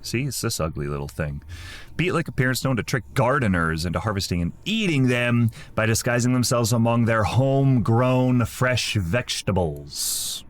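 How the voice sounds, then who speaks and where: A man's voice: medium pitch, very animated, normal speed. A man playing a game, joking around and reading its text aloud in casual commentary. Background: game music.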